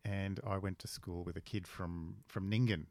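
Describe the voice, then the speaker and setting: A middle-aged Australian man co-hosting a podcast, laconic and deadpan in casual chat. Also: sits low, normal speed, no echo. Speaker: podcast co-host.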